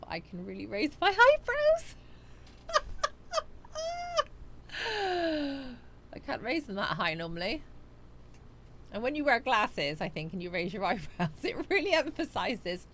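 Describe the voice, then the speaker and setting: A woman's voice: fairly low pitch, big pitch swings, normal speed, fairly bright tone, a little hiss or hum. A woman hosting a casual live chat stream. She talks in a chatty way, reading out viewer comments and answering them, and she laughs at her own jokes.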